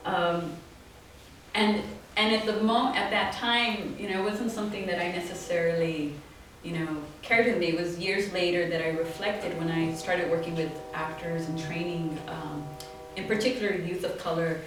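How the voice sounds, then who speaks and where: A woman telling animated stories at a talk, often laughing and acting out the voices of people she quotes. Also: lowish voice, normal speed, distant mic. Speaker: guest artist. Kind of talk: storytelling talk. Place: small office event space. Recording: very echoey room, from off-mic, faint noise.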